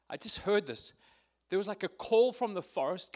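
A man giving an earnest, emotional testimony at a prayer meeting, sometimes close to tears and pausing with fillers. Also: high-pitched, lively intonation. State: tearful at times.

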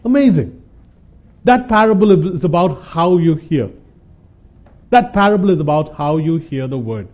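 A man preaches a conversational sermon as a Bible teacher, speaking earnestly, repeating points for emphasis and calling his listeners "guys." His voice is fairly high with lively intonation, a moderate pace and long pauses. The recording is dull and lo-fi.

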